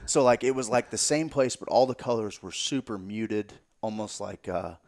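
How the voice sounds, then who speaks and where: Animated swearing male podcast guest. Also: fairly low pitch, moderate pace. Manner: swears freely, animated, drops to a near-whisper at times. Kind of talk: casual podcast storytelling.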